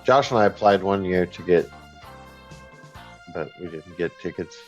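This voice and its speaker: A man's voice: deep voice, moderate pace, music in the background. A man co-hosting a casual podcast chat, making wry asides. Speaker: podcast co-host. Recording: dull lo-fi sound.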